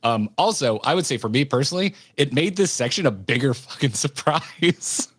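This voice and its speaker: A man hosting a podcast, chatting in a candid, expressive way and swearing casually. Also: mid-range voice, normal speed, a little hiss or hum. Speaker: podcast host.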